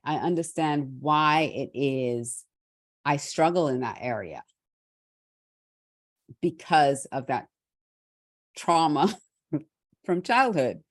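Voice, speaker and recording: A middle-aged woman from Trinidad hosting a motivational talk, speaking candidly and reflectively with restarts and soft laughs. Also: very deep voice, no room sound, clean studio sound. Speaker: host.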